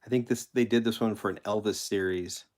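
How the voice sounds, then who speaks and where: A man's voice: fairly low pitch, fairly even intonation, brisk, a little mellow. A man hosting a casual live stream, rambling and correcting himself as he answers chat questions and shows toy cars. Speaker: host of a live collector stream.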